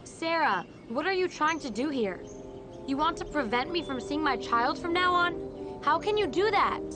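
A woman's voice: high voice, expressive, moderate pace, over music. An actress playing a desperate birth mother fighting to see her young son, urgent and pleading in a dubbed drama. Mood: angry.

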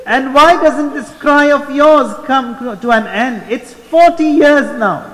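A man's voice: very high voice, a bit bright. A man delivering an impassioned religious sermon, telling a story and voicing the people in it. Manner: impassioned, voices the quoted figures in turn. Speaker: preacher. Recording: long hall reverb.

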